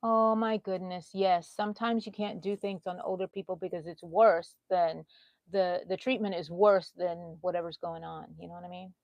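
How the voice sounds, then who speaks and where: A middle-aged woman, hosting a casual crochet livestream. She chats warmly and emotionally, greeting viewers by name and reassuring them. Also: fairly low pitch, fairly even intonation, normal speed, no echo. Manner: chatty, reads out viewer comments by name. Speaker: crochet channel host.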